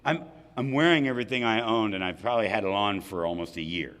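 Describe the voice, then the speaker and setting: At a roundup, a man with a lowish, slightly bright voice tells his recovery story quickly, candidly and with humor, tossing asides to the audience. Hall reverb colors the sound.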